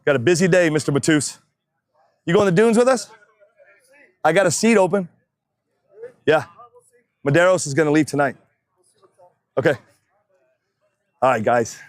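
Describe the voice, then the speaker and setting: A man's voice: on the high side, animated, normal speed, pauses often, dry recording. Man, race announcer on a body mic, joking and chatty at an outdoor track, dry close sound, bit winded. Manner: joking, chatty, loud calls to the crowd. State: slightly out of breath. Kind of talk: casual live-stream commentary. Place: outdoor drag racing track. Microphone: wireless mic worn on body.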